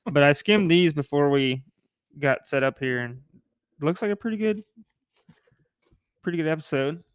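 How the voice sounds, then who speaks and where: A man's voice: on the high side, animated, clean tone, no room sound, studio quality. A man hosting a casual podcast, talking in a joking, rambling way with a nasal voice. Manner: joking, rambling, quick asides. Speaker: podcast host.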